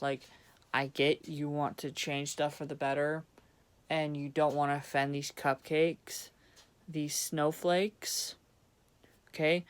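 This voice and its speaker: Young male vlogger, angry blunt rant, clean smooth tone, heavy swearing. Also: a little high. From Vermont, USA. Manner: profane, blunt, sarcastic. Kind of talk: angry ranting monologue.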